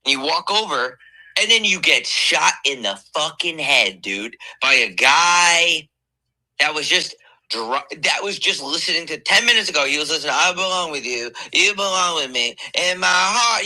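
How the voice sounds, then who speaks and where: A man hosting a podcast, delivering a profane, animated comedic rant from his bed, slowing down for emphasis. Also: on the high side, low-quality recording. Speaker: podcast host. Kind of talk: ranting comedic monologue.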